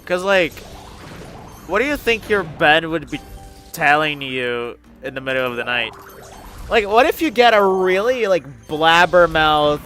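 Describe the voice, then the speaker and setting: A gaming channel host with a slightly high, bright, expressive voice talks unhurriedly over soft background music. It's casual let's-play commentary: he rambles while playing a video game, laughing a lot and saying "like" constantly.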